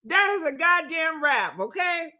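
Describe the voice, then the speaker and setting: A woman commenting live, blunt and profane, answering viewers loudly and emphatically. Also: very high voice, very animated, a little slow, background noise.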